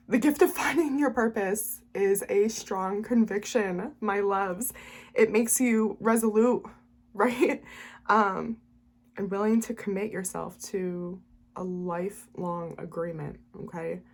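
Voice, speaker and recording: Woman life coach talking to camera, mid pitch, lots of um and okay?, earnest and chatty. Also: slow. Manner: earnest, keeps adding "okay?" after each point; frequent "um" and short laughs. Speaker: spiritual life coach and tarot reader. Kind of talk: casual talk to camera.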